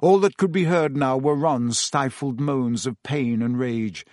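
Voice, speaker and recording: A man's voice: medium pitch, a little slow, a little mellow, no room sound. Man narrating a storybook in a dry, close voice. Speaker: audiobook narrator. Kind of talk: scripted narration.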